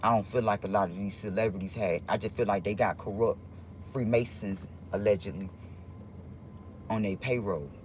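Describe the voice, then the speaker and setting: A man talking to his viewers in a casual livestream monologue, rambling and halting with many restarts, in an earnest, confiding way. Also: fairly low pitch, a little mellow, slight background noise.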